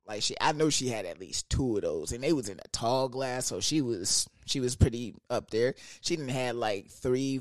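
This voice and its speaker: A young man casually telling a personal story, loose and slangy, with animated asides and frequent laughs. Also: mid-range voice, no echo, clean studio sound.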